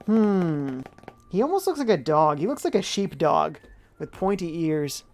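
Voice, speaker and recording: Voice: mid-range voice, sing-song, a little slow, a little mellow. A game streamer giving live commentary, reading viewers' chat aloud and musing and humming while deciding things. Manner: chatty, muses aloud, hums while thinking.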